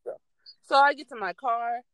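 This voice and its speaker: A young adult woman casually telling a story, animated and swearing freely as she acts out what people said. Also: on the high side, normal speed, no echo.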